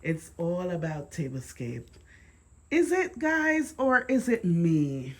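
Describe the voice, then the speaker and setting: Jamaican lady vlogging from her dining room, lowish voice, slow easy talk, repeats herself a lot. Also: breathy edge. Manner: chatty, repeats words, bursts into excited exclamations. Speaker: home decor vlogger. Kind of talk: casual chat to camera.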